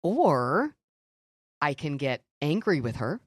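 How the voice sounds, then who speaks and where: A middle-aged woman co-hosting a faith podcast, telling stories and teaching in an earnest, animated way. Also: low voice, moderate pace, no room sound, studio quality. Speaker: podcast co-host. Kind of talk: faith-based conversational teaching.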